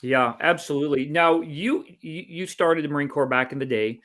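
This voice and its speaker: A man's voice: fairly high pitch, moderate pace, a bit bright. A man hosting a casual interview, asking friendly questions with lots of hesitant fillers. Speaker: interviewer, Marine veteran.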